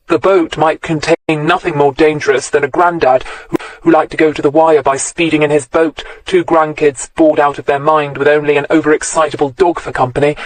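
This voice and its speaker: A man reading a crime novel aloud in a steady, measured voice, pitched a little higher than most men. The recording is close and dry, with no room sound around him. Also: no echo, poor audio. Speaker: audiobook narrator. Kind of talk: scripted crime novel narration.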